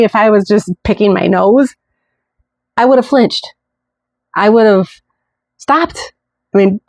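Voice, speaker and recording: A woman's voice: mid-range voice, gravelly, no echo. A woman hosting a podcast, telling a true-crime story in a chatty way with indignant asides. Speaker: podcast host.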